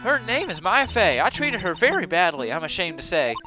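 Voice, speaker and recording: A man voicing a fussy old head nun with a bad back, in a put-on Southern US accent, high and fretful. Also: very animated, fairly quick, music in the background.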